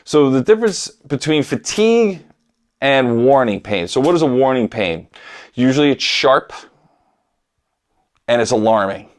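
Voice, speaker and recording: A man's voice: mid-range voice, animated, a little slow, long pauses. Man coaching drum students, direct. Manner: coaching, direct, counts out patterns. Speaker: drum teacher. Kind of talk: instructional talk to camera.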